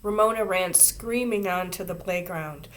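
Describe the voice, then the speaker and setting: A woman reading a children's book aloud in an expressive storytelling way. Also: on the low side, normal speed. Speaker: reader.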